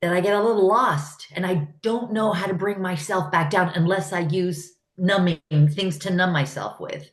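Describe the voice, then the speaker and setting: Low-voiced woman in an echoey room. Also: steady tone, normal speed, hardly any pauses. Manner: thinking aloud, searching for words. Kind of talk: casual chat.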